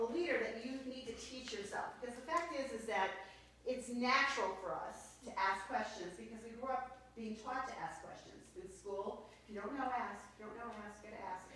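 A woman's voice: fairly high pitch, a little hiss or hum. A woman training a sales team in front of a group, upbeat and coaching, checking in with "okay?" as she goes. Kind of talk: sales training talk with role-play. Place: meeting room with an audience. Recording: echoey room, mic far off.

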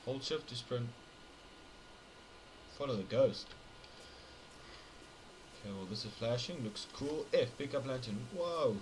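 A man's voice: mid-range voice, unhurried, pauses often, slight background noise. A young man playing a horror game and commenting for viewers, joking, muttering and yelping when startled. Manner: jokey, jumpy, talks to viewers, swings between mutters and yelps. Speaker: gameplay commentator.

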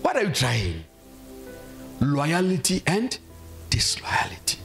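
High-voiced pastor preaching in church, really animated, keeps asking the crowd questions, bit of music behind. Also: male voice, a little slow. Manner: emphatic, asks the congregation questions and acts out quotes. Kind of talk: sermon.

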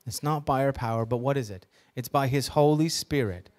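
Speaking fairly quickly in a mid-range, darkish voice, a pastor delivers a sermon to his congregation. He stresses the scripture he reads, poses questions to teach, and adds joking asides.

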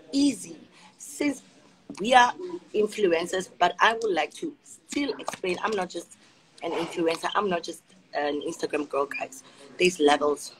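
Sassy South African woman, lowish voice. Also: rough recording. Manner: sassy straight talker, calls viewers honey. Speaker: Instagram live host. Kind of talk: casual chat on a live stream. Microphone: phone.

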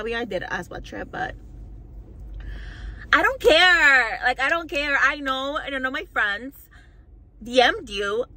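A woman's voice: on the high side, sharp tone, poor audio. A young woman vlogger telling a storytime rant to camera, heated, mocking and full of swearing.

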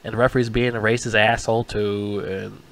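A man's voice: fairly low pitch, level tone, brisk, creaky, a bit bright. A man giving a casual, rambling movie review, swearing often, mocking people and stumbling over his words. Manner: profane, rambling, mocking, frequent restarts.

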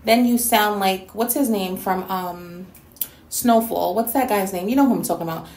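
A woman's voice: medium pitch, moderate pace, darkish tone, echoey room. A woman from New York City delivering a scolding, sassy rant in a response video. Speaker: YouTube commentator.

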